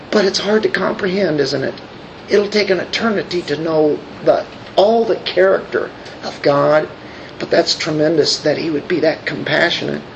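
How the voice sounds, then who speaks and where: A man's voice: high voice, fairly bright tone, slight background noise, rough recording. A man preaching a sermon as a pastor. He reads scripture aloud and puts questions to his congregation.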